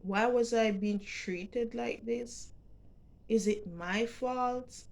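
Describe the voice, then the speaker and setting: Slow-talking Jamaican woman. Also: fairly high pitch, vocal fry, darkish tone. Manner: halting, repeats words, emotional and heartfelt. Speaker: vlogger. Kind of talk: personal storytelling to camera.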